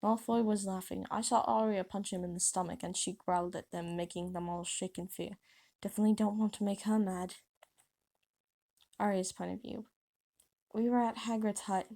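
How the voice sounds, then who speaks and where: A woman reads her own fan story aloud in a casual, unpolished way, stumbling and restarting words now and then. Her voice is mellow and low-toned, with a gravelly fry running through it. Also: steady tone, moderate pace. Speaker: author reading her fanfiction.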